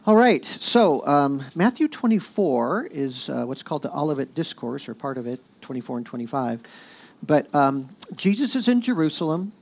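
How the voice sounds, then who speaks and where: A man preaching a sermon in a conversational, animated way. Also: on the high side, normal speed, gravelly. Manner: conversational, with fillers and animated quoting. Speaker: pastor.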